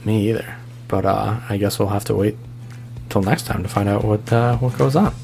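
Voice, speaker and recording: A man signing off as host of a tabletop game podcast, relaxed and a little halting. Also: fairly low pitch, vocal fry, music in the background. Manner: relaxed, slightly halting with fillers. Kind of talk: show outro announcement.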